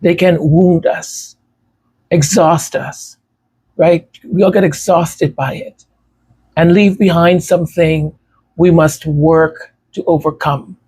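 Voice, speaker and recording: A man's voice: a little high, fairly even intonation, takes it slowly, darkish tone, slightly rough. A man with a stutter and a tongue tie talking casually to his viewers, repeating words and struggling with some sounds. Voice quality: tongue-tied, some sounds hard to pronounce. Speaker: music creator speaking to supporters.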